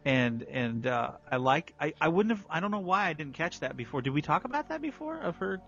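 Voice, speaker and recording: A man co-hosting a podcast in casual chat, animated and quick to laugh. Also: a little high, gravelly, faint music behind. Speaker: podcast co-host. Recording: slightly dull lo-fi sound.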